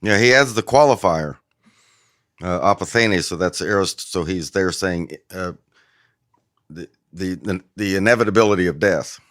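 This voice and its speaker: A man's voice: sits low, normal speed, fairly bright tone, no echo, studio quality. A male guest theologian patiently explaining Greek grammar in a casual discussion, with frequent fillers.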